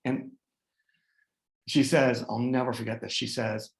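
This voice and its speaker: A man in his forties, a guest speaker, telling a personal story in an animated way with many fillers and restarts. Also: medium pitch, unhurried, vocal fry, reverberant, rough recording. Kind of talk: personal storytelling in a group talk.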